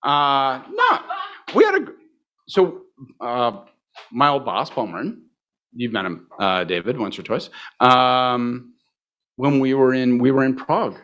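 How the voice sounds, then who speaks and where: A man spinning a yarn on stage at a live show, his pitch right in the middle for a man. He talks wryly, drops a curse now and then, and pokes fun at himself. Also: huge pitch swings, a little slow, long pauses, bright, forceful tone, highs cut off. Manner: profane, wry and self-mocking. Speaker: podcast co-host. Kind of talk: animated storytelling on stage.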